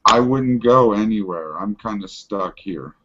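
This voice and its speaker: A man doing a slow, stubborn voice-hearer. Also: on the low side, animated, lo-fi sound, heavy background noise.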